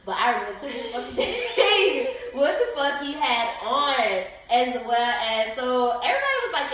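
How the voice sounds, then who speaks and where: A young woman co-hosting a podcast, telling a story in casual, profane, animated chat and acting out other people's lines. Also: sits high, brisk, hardly any pauses. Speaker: podcast co-host. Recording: echoey room.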